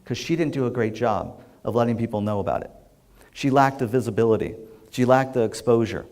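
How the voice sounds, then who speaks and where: Animated male executive coach telling a story. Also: medium pitch, a little fast. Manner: animated storyteller acting out quoted lines. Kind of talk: storytelling talk to an audience.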